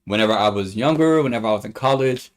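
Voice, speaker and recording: A young man on a casual livestream, rambling through a story and acting out the quotes in high voices. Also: fast talker. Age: young adult.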